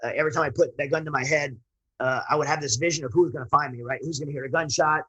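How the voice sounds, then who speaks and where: A man's voice: a little high, steady tone, very fast, pushed and bright, breathy edge, muffled recording. A man, a military veteran guest, telling his personal story in an earnest, rambling way with frequent restarts.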